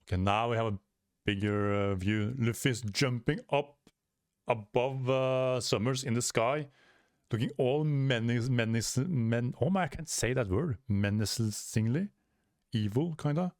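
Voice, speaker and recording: A man talks through his reactions in a loose, casual way, rambling and tripping over his words with plenty of fillers. His voice sits at an ordinary middle pitch. The sound is dry and close, with no room echo. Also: unhurried. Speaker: manga reaction youtuber.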